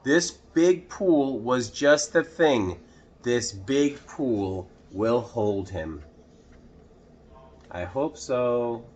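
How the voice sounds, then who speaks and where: A man reading a picture book aloud to children, pausing to ask the listener questions. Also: mid-range voice, lively intonation, darkish tone. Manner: slow, asks the listener questions. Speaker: children's storytime reader.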